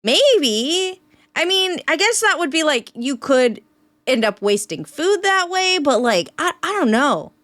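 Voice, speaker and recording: Give it the energy of a young woman streamer reacting live: keep the voice high and bouncy, bright and forward, and talk loose and chatty with plenty of filler words. Stay close to the mic so it sounds dry and intimate. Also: sing-song, unhurried, dry recording. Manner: chatty, lots of fillers, laughs at the clip. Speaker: streamer reacting to a reality show. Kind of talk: casual reaction commentary.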